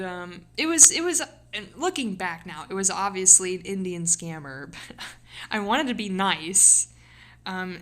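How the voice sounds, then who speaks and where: A woman's voice: on the low side, a bit bright. A young woman streamer chatting casually and rambling, giggling often, with lots of fillers and a slightly sore voice. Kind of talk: casual live-stream chat.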